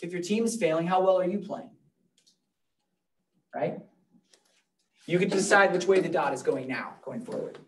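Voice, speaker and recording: A man's voice: high voice, normal speed, pauses often, recorded from a distance. A man leading a live real estate training class, talking loosely and joking with the room.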